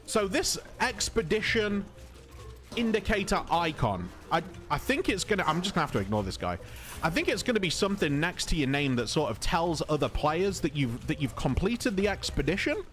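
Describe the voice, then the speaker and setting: A man from England with an English accent, calmly talking through a video game in casual commentary, polite and chatty. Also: a little high, normal speed, faint music behind. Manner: calm, conversational, polite even when insulted. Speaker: gaming video host.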